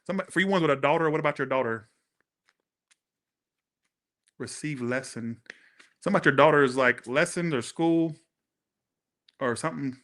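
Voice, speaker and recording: A man's voice: fairly high pitch, fast talker, a bit bright. A man doing a casual, chatty live-stream tarot reading, thanking viewers and swearing freely. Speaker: tarot reader.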